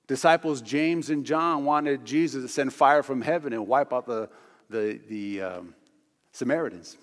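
A man's voice: medium pitch, unhurried. A man preaching a sermon as pastor, emphatic and hammering points home through repeated phrases. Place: church. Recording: long church hall reverb.

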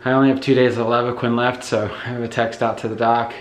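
A man with a Northeastern US accent and congested lungs vlogs casually while moving between rooms of his house, coughing occasionally. His mid-range voice is fast, and he rambles in a tired, relaxed way with fillers, over slight background noise and poor audio.

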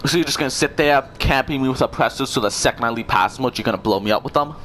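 A young man trash-talks other players over online game voice chat, sarcastic and full of swearing. His voice sits at an ordinary middle pitch. A faint noise floor hums underneath. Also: fast, fairly bright tone. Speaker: gamer.

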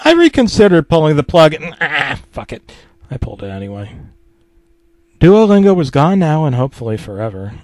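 A man's voice: a little high, wildly swooping pitch, a little fast, darkish tone, no room sound. A man reading a comedic creepypasta in a mock-serious, self-deprecating tone, swearing freely. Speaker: narrator.

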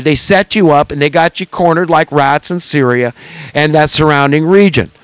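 Guy ranting and preaching, kinda high voice, clean dry sound, keeps saying okay. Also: clean tone, no room sound, poor audio. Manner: preachy, repeats "okay?", fervent. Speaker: commentator. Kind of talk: impassioned monologue.

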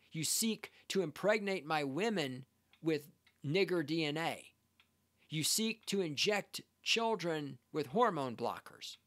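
Male podcast host, higher-pitched voice, sarcastic and scornful, heated commentary. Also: fairly bright tone. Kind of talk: ranting commentary reacting to a read-out text.

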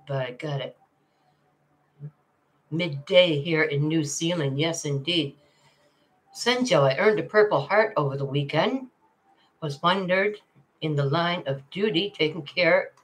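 An older woman hosting a relaxed livestream from home, her voice low and her pace unhurried. She chats and laughs easily, calling her viewers darling as she reads their comments. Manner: chatty, laughs often, calls viewers darling. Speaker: livestream host. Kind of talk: casual livestream chat reading comments.

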